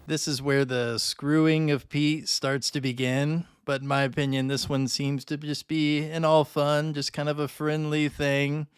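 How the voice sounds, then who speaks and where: Guy chatting thru a movie recap, smooth clear voice, dry sound. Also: on the high side, measured pace, hardly any pauses, no room sound. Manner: relaxed, filler-heavy with "kind of" and "like". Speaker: film reviewer YouTuber. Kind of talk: casual commentary.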